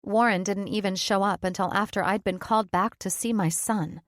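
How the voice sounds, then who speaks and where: A woman reads a first-person audiobook with steady, earnest delivery at a middle pitch. The recording is close and completely dry, with no room sound. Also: moderate pace, dry recording. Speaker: audiobook narrator.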